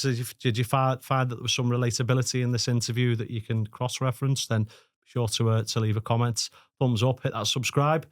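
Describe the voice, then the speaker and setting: A man's voice: medium pitch, fairly even intonation, brisk, dry recording, studio quality. A British man hosting a podcast interview in a friendly, laid-back way. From United Kingdom. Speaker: podcast host. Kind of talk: casual interview chat.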